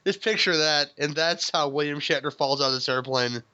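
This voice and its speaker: Bright-voiced laughing podcast host man. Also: a little high, brisk. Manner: laughing, swearing, rambling with restarts. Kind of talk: casual movie review chat. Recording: dull lo-fi sound.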